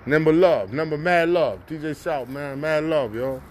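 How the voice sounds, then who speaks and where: A man's voice: on the high side, normal speed, a little hiss or hum. A man from North Carolina, vlogging casually outdoors on a city street and talking loosely in slang with frequent laughs. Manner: laid-back slangy street talk, laughs often. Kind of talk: casual vlog talk to camera.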